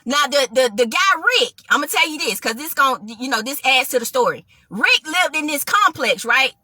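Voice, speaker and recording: A woman's voice: high-pitched, moderate pace, breathy edge, dry recording. A woman telling a personal testimony story to listeners, acting out both sides of the conversation. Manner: animated, addresses listeners as y'all.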